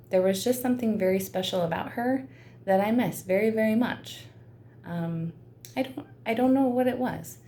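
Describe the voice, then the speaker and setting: Earnest woman with a low, gravelly voice. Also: a little mellow, a little hiss or hum. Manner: earnest and emotional, with frequent ums. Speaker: dog breeder. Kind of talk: heartfelt talk to camera. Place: seated indoors.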